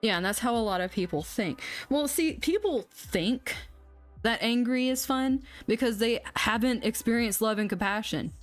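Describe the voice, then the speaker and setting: A woman's voice: on the high side, lively intonation, normal speed, soft background music. A young woman hosting an astrology livestream, chatting bluntly and casually, swearing now and then. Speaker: astrology channel host.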